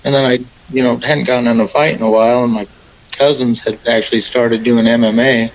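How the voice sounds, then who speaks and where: A young man, a mixed martial arts fighter, answering interview questions in a relaxed, rambling way with many fillers. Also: mid-range voice, brisk, poor audio. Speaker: MMA fighter, guest.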